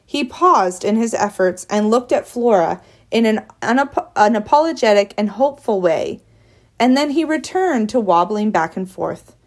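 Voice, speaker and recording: A woman reads a children's novel aloud at an unhurried pace. Her delivery is clear and steady, in the manner of a warm audiobook narrator. Her pitch sits in a normal middle range for a woman.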